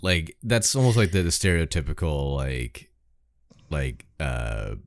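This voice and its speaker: A woman's voice: very deep voice, big pitch swings, unhurried, dry recording, clean studio sound. A woman from the American South co-hosting a podcast, laid-back, chatting about a film with short agreeing remarks. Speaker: podcast co-host. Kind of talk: casual film review chat.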